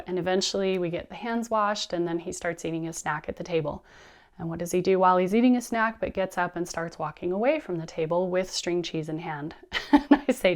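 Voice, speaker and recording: A woman in her thirties giving an animated lecture to teachers, telling a personal story with expressive delivery. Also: on the low side, a little fast. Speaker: teacher trainer.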